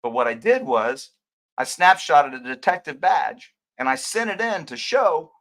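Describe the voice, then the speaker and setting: A man's voice: fairly high pitch, animated, unhurried. An older man, a former detective, hosts a livestream and rambles emotionally while answering viewer comments. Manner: emotional, ranting, rambling, swings between loud and quiet.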